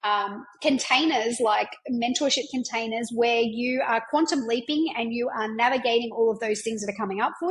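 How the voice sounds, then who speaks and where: A woman's voice: fairly high pitch, low-quality recording. A woman, hosting a podcast as a business mentor, talking in an enthusiastic, chatty way and often checking in with "right?". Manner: enthusiastic, chatty, frequent tag questions. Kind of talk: casual monologue.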